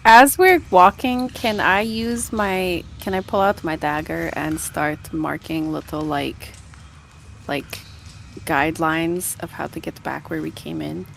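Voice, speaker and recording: A woman's voice: low voice, unhurried, vocal fry, fairly bright tone, a little hiss or hum. Dry, sarcastic woman player. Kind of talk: casual tabletop game play.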